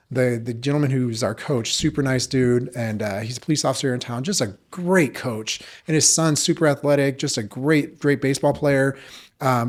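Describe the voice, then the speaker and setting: A man, a jiu-jitsu coach and podcast guest, telling stories in a loose, rambling way with lots of fillers and casual swearing. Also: medium pitch. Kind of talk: casual storytelling chat.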